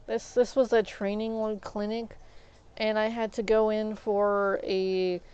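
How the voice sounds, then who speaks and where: A woman's voice: mid-range voice, slow, smooth, dull audio. A woman telling rambling stories on a stream, acting out what others said. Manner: rambling, animated, acts out quoted people. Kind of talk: casual storytelling while gaming.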